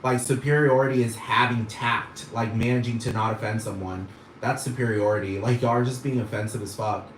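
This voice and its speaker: Man, mid-pitch, rambling profane rant, exasperated, roomy echo and faint noise. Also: steady tone, brisk. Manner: swears constantly, rambling, scoffing and exasperated. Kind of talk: profane ranting monologue. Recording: echoey room with faint noise.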